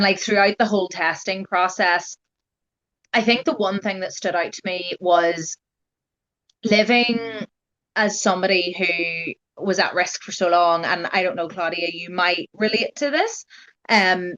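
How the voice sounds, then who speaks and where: A woman's voice: fairly low pitch, measured pace, fairly bright tone, muffled recording. A young adult woman, telling her story as a guest in a casual, chatty way, full of "like" and "you know". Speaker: guest sharing her genetic testing experience.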